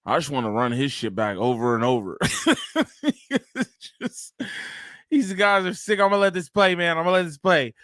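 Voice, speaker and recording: A man's voice: on the high side, animated, moderate pace, a bit bright, no echo, clean studio sound. Laughing, profane man streaming reactions. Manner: bursts of laughter, loose and profane. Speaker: live-stream reaction host. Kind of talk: casual live-stream reaction commentary.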